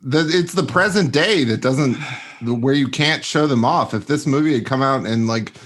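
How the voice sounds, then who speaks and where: A man in a casual podcast chat who meanders, breaks off mid-sentence and laughs a lot. His voice sits in an everyday middle pitch. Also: normal speed, fairly bright tone. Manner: meandering, self-interrupting, laughs often. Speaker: podcast co-host.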